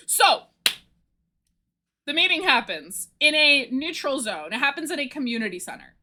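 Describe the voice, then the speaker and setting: A young woman streamer chatting casually, gushing excitedly about a story she loves and laughing often. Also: high-pitched, moderate pace. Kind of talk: casual chat recapping a story.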